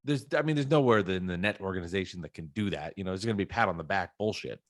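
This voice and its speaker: A man's voice: deep voice, fast, no echo. A man co-hosting a casual sports podcast, blunt and frustrated, swearing freely into a close mic. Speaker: podcast co-host.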